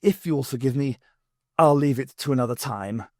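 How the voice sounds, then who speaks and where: A man voicing a calm, courteous male doctor speaking with diplomatic care, in a novel reading. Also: mid-range voice, moderate pace, no echo, clean studio sound, close to an everyday voice.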